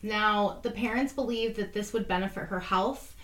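A woman's voice: medium pitch, moderate pace, fairly bright tone, reverberant. A woman co-hosting a podcast, chatty and swearing casually as she retells a true crime story. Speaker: podcast co-host.

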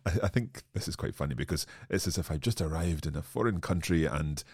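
A man's voice: extremely low pitch, brisk, slightly rough, dry recording, studio quality. A man hosting a language lesson podcast, joking at his own expense while discussing phrases with a teacher. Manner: self-deprecating, joking. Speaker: podcast host learning Swedish.

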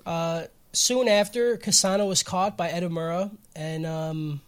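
Profane, excitable male podcast host. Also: sits high, measured pace, smooth. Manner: profane, excitable, laughs often. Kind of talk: casual recap chat.

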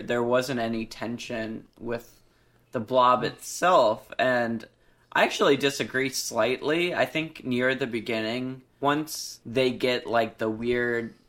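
A man co-hosting a podcast, talking through a film in a relaxed, thoughtful way. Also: medium pitch. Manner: unhurried, thoughtful, mild disagreement. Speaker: podcast co-host. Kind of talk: casual movie discussion.

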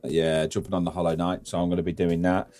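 A man's voice: sits low, flat delivery, fast talker, a little mellow. A man hosting a casual podcast, rambling through stories, swearing freely and laughing often. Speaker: podcast host.

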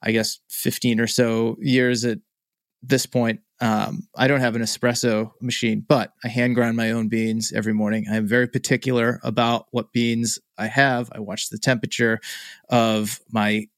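A male podcast host with a noticeably gravelly, fry-edged voice that stays at an ordinary pitch. He tells stories in an easy, conversational way and reads the show's outro. The recording is dry, with no room sound. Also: normal speed, no echo. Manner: relaxed storytelling, reads sponsor outro.

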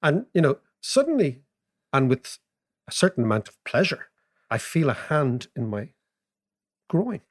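A man, co-hosting a podcast, telling stories and explaining economics in an animated way, laughing as he goes. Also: fairly high pitch, unhurried, long pauses. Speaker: podcast co-host. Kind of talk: casual storytelling and economics chat.

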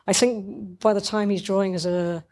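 A woman's voice: mid-range voice, steady tone, moderate pace, darkish tone. A middle-aged woman chatting casually and enthusiastically about cartoons, rambling with many restarts.

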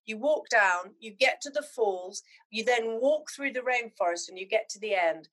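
A middle-aged woman from Zimbabwe, chatting as a podcast guest and telling animated, heartfelt stories. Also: a little high, moderate pace. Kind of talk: casual chat.

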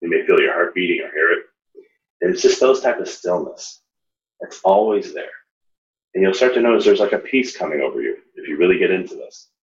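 A man in his thirties hosting a reflective spiritual talk, earnest and animated as he tells stories. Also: sits low, a little fast, a little hiss or hum. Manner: earnest, animated storytelling with rising emphasis. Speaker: podcast host. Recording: echoey, slightly dull room recording.

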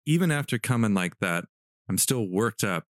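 Deadpan annoyed young guy, lively delivery, dry close sound, read by a podcaster. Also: mid-range voice, a little fast, no echo, close to an everyday voice. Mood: wry. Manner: deadpan, breaks into laughter. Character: exasperated lusty young man, the story's narrator-hero. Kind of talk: comedic dramatic reading.

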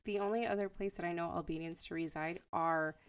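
A woman's voice: lowish voice, fairly even intonation, a little fast, smooth. A woman from Connecticut co-hosting a podcast, chatting bluntly and swearing casually. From Stamford, Connecticut. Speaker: podcast co-host. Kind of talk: casual chat.

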